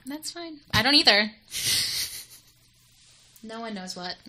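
A young woman trades playful banter on an afternoon radio show, laughing often. Her voice sits a bit high and sounds bright. She talks at an unhurried, drawn-out pace. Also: lively intonation. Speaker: radio co-host.

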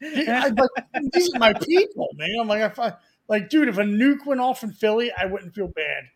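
Philly guy co-hosting, gravelly voice, high pitched, rambles and cusses. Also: very animated, moderate pace. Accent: Philadelphia. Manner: rambling, swears, laughs easily. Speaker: podcast co-host. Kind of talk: casual chat.

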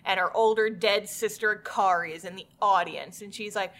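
A woman's voice: medium pitch, normal speed. A woman co-hosting a podcast in casual chat, retelling an anime's plot, swearing freely and acting out the characters' lines. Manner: animated storyteller who acts out characters' lines. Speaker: podcast co-host.

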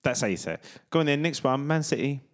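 A man's voice: mid-range voice, very animated, fast talker. A man hosting a casual podcast chat, teasing his co-host in a playful way.

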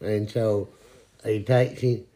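A man's voice: fairly low pitch, steady tone, slow pace, dark tone. A man telling jokes in an easygoing way. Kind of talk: casual joke telling.

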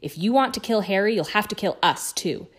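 A man's voice: extremely high pitch, very animated, takes it slowly, creaky, voice pushed up, full character voice. Woman voicing an injured, pained teenage boy. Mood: defiant.

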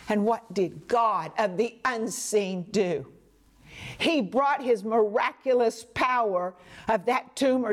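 Woman Bible teacher, unhurried and earnest, slightly high voice, whispers for emphasis. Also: a little mellow. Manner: addresses listener as "my friend". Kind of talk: devotional teaching.

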